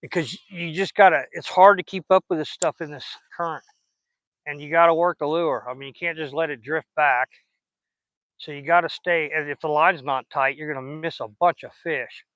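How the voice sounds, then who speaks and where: A man's voice: a little high, fairly even intonation, moderate pace, fairly bright tone, no room sound. A man, chatting folksy and casual while fishing outdoors on a riverbank and recording on a phone, sweet-talking the fish he catches. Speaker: fishing vlogger.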